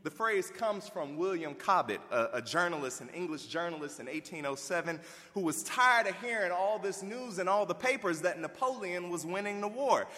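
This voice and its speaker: A man preaching a sermon, animated and folksy, swinging between loud emphasis and hushed asides. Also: high voice, normal speed, few pauses, big-room sound. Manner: folksy, addresses listeners as y'all.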